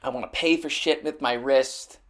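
A man's voice: mid-range voice, steady tone, normal speed, fairly bright tone. Rambling sardonic male podcast host. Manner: rambling, sardonic, frequent restarts and fillers. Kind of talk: casual chat.

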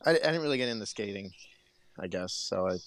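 A young man co-hosting a podcast, talking hesitantly with many restarts and soft laughs. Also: fairly low pitch, animated, fast, no echo. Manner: hesitant, hedging, laughs often. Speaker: podcast co-host. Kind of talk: casual chat.

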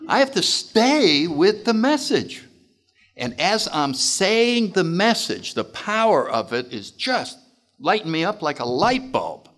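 Animated man telling recovery stories. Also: high voice, slow. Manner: animated, acts out voices, laughs often. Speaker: speaker at a recovery meeting. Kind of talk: recovery talk storytelling.

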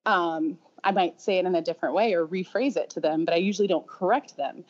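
A woman's voice: lowish voice, fast, darkish tone. A woman parent telling a casual anecdote in a chatty, amused way with likes and ums. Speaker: parent interviewee. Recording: dull lo-fi interview audio.

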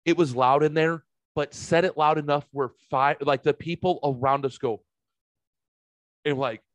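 Animated swearing man telling stories. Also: normal speed, no room sound. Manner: animated, swears freely, jumps higher when excited. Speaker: podcast host. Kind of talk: casual storytelling chat.

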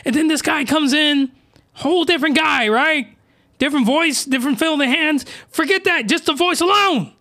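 A man hosting a podcast, delivering an excitable, slangy, rambling comedic rant full of mockery. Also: extremely high pitch, moderate pace, dry recording, clean studio sound. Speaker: podcast host reviewing anime.

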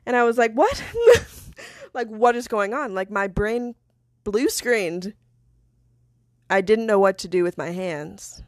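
A young woman hosts her own podcast and tells a personal story with candid, animated energy. She fills her talk with "like" and swears freely. Her voice sits at a middle pitch and sounds close and dry. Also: unhurried, pauses often, no room sound. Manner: animated, swears, laughs often, many fillers. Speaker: podcast host.

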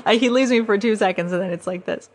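Animated woman telling a story. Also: medium pitch, quick pace. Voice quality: animated, breathless retelling with quoted reactions. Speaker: podcast host. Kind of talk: casual storytelling monologue.

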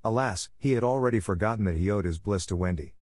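Low-voiced man reading a storybook. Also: quick pace, a little mellow, no echo, studio quality. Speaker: narrator. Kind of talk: scripted storybook narration.

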